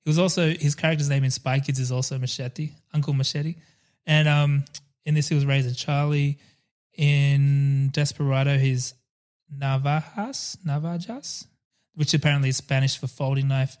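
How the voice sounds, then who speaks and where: A man's voice: mid-range voice, level tone, normal speed, darkish tone, smooth. A man co-hosting a casual film podcast, rambling with many fillers. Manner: rambling, chatty, hesitant fillers. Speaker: podcast co-host.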